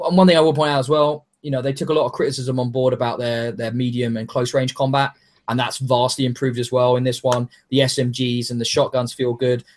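Man, podcast host; animated, excitable, swears freely, casual game talk. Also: medium pitch. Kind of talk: casual chat.

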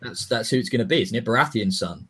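A man's voice: mid-range voice, animated, quick pace, a bit bright, soft background music. A man co-hosting a casual chat, rambling and swearing, often repeating words as he gathers his thoughts.

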